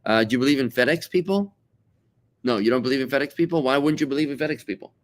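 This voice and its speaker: A man's voice: mid-range voice, fast. A middle-aged rabbi from South Africa teaches in a loose, talkative way. He stumbles over repeated words as he goes and slips into put-on voices for the people he quotes. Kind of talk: conversational Torah class.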